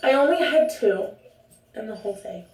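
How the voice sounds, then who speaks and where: A woman's voice: a little high, animated, moderate pace. A young woman vlogging at home, talking casually to the camera in a rambling, chatty way that keeps interrupting itself. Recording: roomy echo, distant from the mic.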